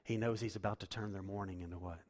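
A man preaching a sermon as pastor, swinging from loud, emphatic lines to hushed, quiet ones. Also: fairly low pitch, steady tone, fast. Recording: long hall reverb.

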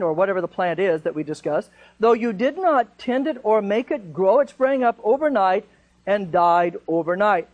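A man's voice: sits high, rough recording. A man leading a Bible study, teaching in a conversational way and asking the group rhetorical questions.

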